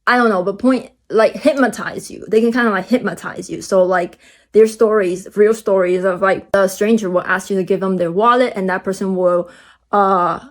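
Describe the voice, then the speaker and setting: A young woman telling a long storytime vlog, rambling with many "like"s and restarts, and getting animated at the exciting parts. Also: normal speed. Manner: animated, jumps high when excited. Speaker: vlogger.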